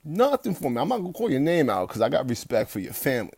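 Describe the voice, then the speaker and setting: A fitness coach talking bluntly and profanely from home at night, rambling with restarts and turning loud and heated as he rants. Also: medium pitch, huge pitch swings, quick pace, creaky, slightly rough, dry recording, studio quality. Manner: gets loud and heated when ranting. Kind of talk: late-night livestream pep talk.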